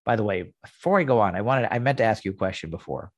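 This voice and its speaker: Husky-voiced man recapping a scene. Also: lowish voice, animated, fast, dry recording. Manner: reads quoted lines plainly, chatty asides. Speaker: podcast host. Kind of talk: casual recap narration.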